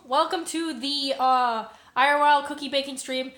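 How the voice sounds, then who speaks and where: Chatty high-pitched woman streaming from home. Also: fairly even intonation, moderate pace, fairly bright tone. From Canada. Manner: chatty, rambling, lots of fillers and swearing. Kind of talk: casual live-stream chat. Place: home, indoors.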